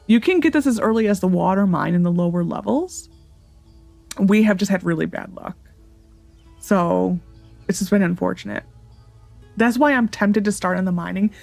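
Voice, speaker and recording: A woman's voice: mid-range voice, moderate pace, gravelly, long pauses, a little mellow, no echo, soft background music. A woman hosting a gaming channel, chatting casually and thinking aloud as she plays. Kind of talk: casual let's-play commentary.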